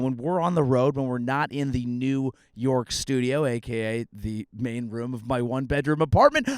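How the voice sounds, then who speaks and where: A man hosting a comedy podcast, delivering a rambling, sarcastic monologue outdoors in a grassy meadow, now and then bursting into shouts. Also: medium pitch, creaky, no room sound, clean studio sound. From California.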